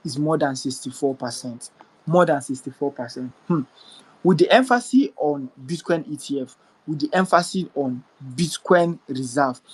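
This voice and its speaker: A man's voice: a little high, breathy edge, rough recording. A man hosting a live audio chat, giving a crypto market update and repeating figures and questions for emphasis. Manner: rhetorical, questioning.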